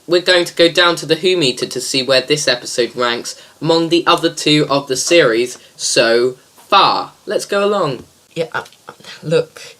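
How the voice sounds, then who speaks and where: A man's voice: a little high, bright, forceful tone. Rambling, hesitant male host. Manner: rambling, hesitant, many fillers. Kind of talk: casual comedy review show.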